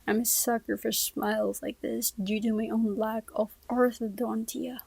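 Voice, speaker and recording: A woman reading a first-person novel aloud, soft-spoken and often sinking to a whisper, close to the mic. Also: a little high, flat delivery, a little slow, creaky, slightly rough, dry recording, poor audio. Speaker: audiobook reader.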